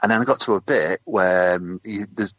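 Very deep man, dry halting podcast chat, muffled lo-fi sound. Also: fairly bright tone. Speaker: podcast co-host. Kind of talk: casual banter. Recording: dull lo-fi sound.

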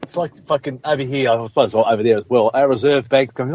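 A man's voice: mid-range voice, fast, a little mellow. A man co-hosting a podcast, sarcastic and sweary, mocking officials in silly voices. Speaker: podcast co-host. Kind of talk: casual comedy podcast chat. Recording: dull lo-fi remote audio.

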